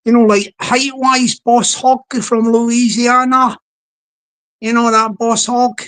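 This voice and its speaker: Woman, livestream host, slow rambling chatter, slightly high voice. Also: little pitch movement, a bit bright. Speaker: live streamer. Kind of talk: casual livestream chat.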